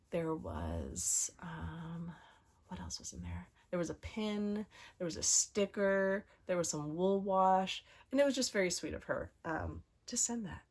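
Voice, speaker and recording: A woman's voice: mid-range voice, breathy edge. A woman hosting a knitting podcast, chatting casually and showing off yarn, with lots of fillers and asides. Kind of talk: casual show-and-tell chat.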